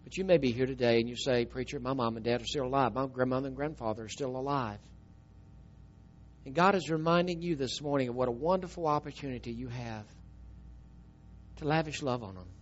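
A middle-aged man, preaching a storytelling sermon and swinging from emphatic, loud telling to a soft, tearful hush. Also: medium pitch, brisk, highs cut off, slight background noise.

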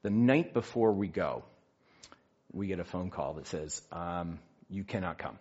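Husky, low-voiced man telling a story. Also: unhurried. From United States. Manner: animated storytelling with acted-out quotes. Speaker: speaker sharing a faith story. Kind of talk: storytelling talk. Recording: dull lo-fi recording.

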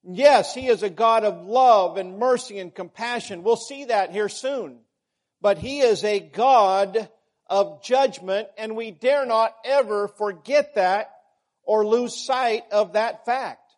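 A man preaching a sermon, measured and emphatic, repeating key words for stress. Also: high voice.

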